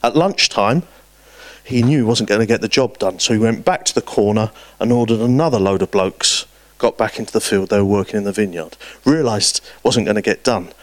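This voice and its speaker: A man preaching a sermon, telling stories with lively swings between loud and hushed delivery. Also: on the low side, brisk, dry recording.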